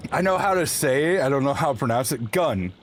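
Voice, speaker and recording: A man streaming a video game from his home setup, talking casually and teasing himself with quick laughs. His voice sits a little high for a man and swings up and down a lot as he jokes with chat. A faint hiss of background noise runs under the desk-mic sound. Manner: playful and animated, laughs at himself. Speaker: livestream host. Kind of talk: casual chat while gaming.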